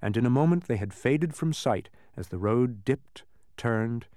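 A man reading a children's storybook aloud as narrator, in an expressive way. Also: mid-range voice, unhurried, no room sound, clean studio sound.

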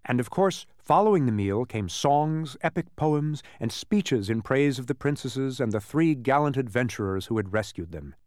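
A man reading a children's storybook aloud as narrator, in an expressive way. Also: mid-range voice, normal speed, hardly any pauses, no room sound, clean studio sound.

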